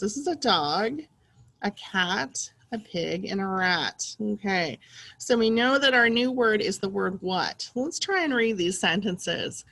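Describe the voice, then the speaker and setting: Speaking slowly and distinctly in a medium-pitched voice, a female teacher guides young children through an early reading lesson. Practice sentences get an exaggerated, excited reading.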